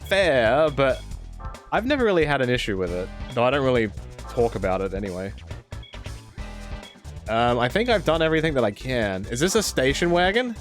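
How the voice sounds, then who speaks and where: A man's voice: mid-range voice, very animated, normal speed, long pauses, soft background music. A man with an Australian accent chatting casually on a live game stream, rambling and answering chat as he plays.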